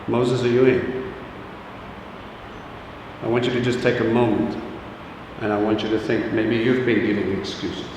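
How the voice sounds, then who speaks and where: A man's voice: lowish voice, fairly even intonation, normal speed, pauses often, background noise. A man preaching an informal sermon to a congregation, chatty and joking, often putting questions directly to the audience. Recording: echoey hall, distant mic, faint ambience.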